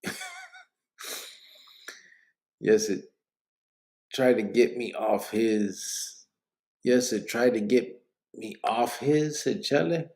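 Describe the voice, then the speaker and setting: A man's voice: on the low side, slow, pauses often, a little mellow. A man, hosting a late-night live podcast, reading viewer comments aloud in a laid-back, joking way and mixing in Spanish slang, sounding sleepy and yawning. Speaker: livestream podcast host.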